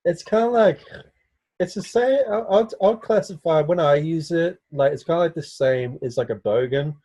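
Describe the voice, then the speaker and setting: Young aussie guy on a video call, rambly and laid-back, mellow warm tone. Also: fairly high pitch, moderate pace. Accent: Australian. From Australia. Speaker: guest. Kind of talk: casual chat over video call.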